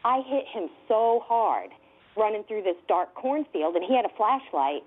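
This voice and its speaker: A woman investigator telling a story with excitement, laughing often and using many fillers. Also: medium pitch, normal speed, slightly rough. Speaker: guest UFO investigator. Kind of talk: animated storytelling. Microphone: telephone. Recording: tinny phone line.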